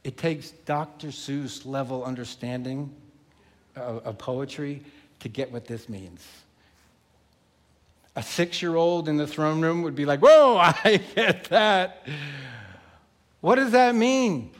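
Male pastor, emphatic and animated sermon delivery, high voice, deliberate pace. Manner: animated, emphatic, acts out the story.

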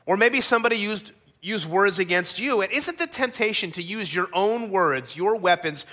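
A man delivers a sermon in a high, bright voice. He talks to the congregation conversationally and leans on rhetorical questions, often tagging his points with a quick "right?". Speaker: pastor.

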